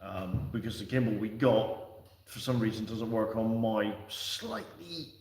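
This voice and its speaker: A man's voice: on the low side, lively intonation, measured pace, vocal fry, a little mellow. A man hosting a casual livestream, chatting and answering viewers in a rambling way with fillers and restarts. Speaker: livestream host. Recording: echoey room, distant from the mic.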